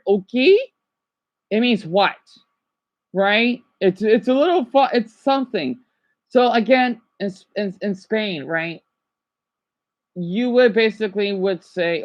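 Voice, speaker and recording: A woman vlogger chatting casually as she watches a video, repeating herself and sounding out foreign words. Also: mid-range voice.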